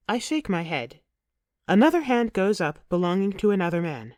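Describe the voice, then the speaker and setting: Expressive woman narrating an audiobook. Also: mid-range voice, normal speed, no room sound, clean studio sound. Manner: expressive, emotive storytelling. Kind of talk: first-person audiobook narration.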